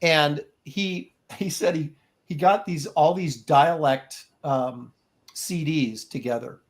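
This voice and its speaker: A man's voice: a little high, slow pace. A man with a slightly raised voice chats casually as a co-host. He tells long, winding stories and breaks into laughter often. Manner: laughs often, lively rambling storytelling. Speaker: artist co-host. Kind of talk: casual chat.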